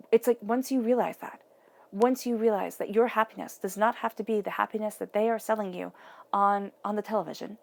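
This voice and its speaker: A woman's voice: medium pitch, gravelly, a little mellow. A woman giving a tarot reading, talking earnestly and directly to the viewer in a casual, conversational way. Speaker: tarot reader.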